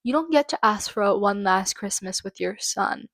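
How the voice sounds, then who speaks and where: A woman hosting her own channel, reading out trial quotes haltingly and breaking into angry, swearing commentary. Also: mid-range voice, expressive, no echo. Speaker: channel host. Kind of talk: true-crime commentary.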